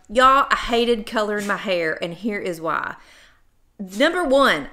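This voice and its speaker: A middle-aged woman chatting to her camera, her voice bright and forward. She talks to her viewers as "y'all" in an easygoing, playfully sarcastic way. She sits at a middle pitch for a woman. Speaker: vlogger. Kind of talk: casual chat to camera.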